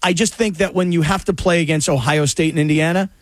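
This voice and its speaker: A man's voice: a little high, steady tone, fast, dry recording. A man co-hosting a sports talk show, arguing his points bluntly and emphatically in a casual debate.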